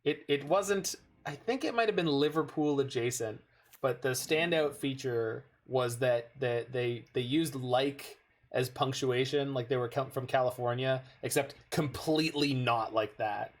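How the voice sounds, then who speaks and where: A man's voice: mid-range voice, measured pace. A North American man chatting casually with viewers while playing a card game, rambling off into stories. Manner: rambling, digressive storytelling. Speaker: game streamer.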